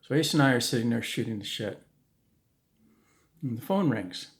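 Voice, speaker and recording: Male storyteller, gravelly low-mid voice, casual and rambling, mid-pitched. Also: lively intonation, normal speed. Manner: conversational, with frequent restarts and asides.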